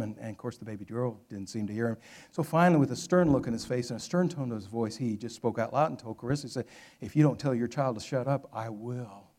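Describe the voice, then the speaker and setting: Guy preaching, tells a story, goes quiet and hushed for the sad bits. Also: medium pitch. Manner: storytelling with dramatic drops to a hush. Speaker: pastor. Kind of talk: sermon storytelling.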